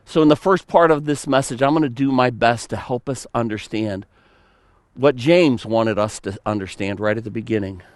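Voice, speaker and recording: A man preaching a sermon as pastor, animated, telling stories and slipping into playful mock voices. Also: medium pitch, normal speed, dry recording.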